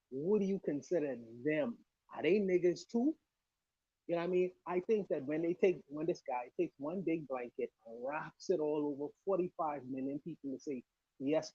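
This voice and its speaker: A fairly high-voiced man with a mellow, husky tone argues with passion on a podcast livestream. He laughs often and drives his points home with emphasis. His remote mic sounds dull and dry. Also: no room sound. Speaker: podcast panelist. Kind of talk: casual livestream discussion. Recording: muffled, low-volume remote mic.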